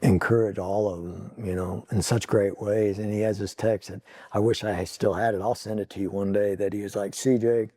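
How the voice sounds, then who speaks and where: A middle-aged man talks as a podcast guest, earnest and heartfelt. He often breaks off and repeats words as he searches for the next thought. His voice is mellow and warm at a middle pitch, recorded close and dry. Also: level tone, dry recording. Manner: halting, full of restarts and repeated words. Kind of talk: casual chat.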